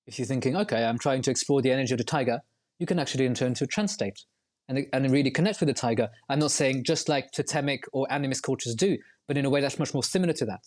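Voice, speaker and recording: A man's voice: medium pitch, fast, darkish tone. A man as a podcast guest, explaining at length in a reflective, winding way with frequent restarts. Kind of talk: podcast interview.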